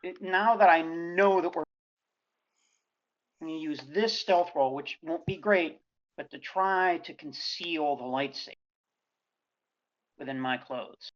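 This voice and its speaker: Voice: mid-range voice, measured pace, pauses often. A player in a tabletop game, casual and matter-of-fact, heard over a dull online call.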